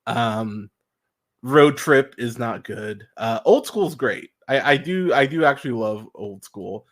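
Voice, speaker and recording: A man's voice: mid-range voice, expressive, slow pace. A man hosting a movie podcast, rambling through his opinions with lots of fillers, restarts and swearing, and mocking people he quotes. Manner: mocking voices when quoting others. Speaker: podcast host. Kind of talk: casual solo movie commentary.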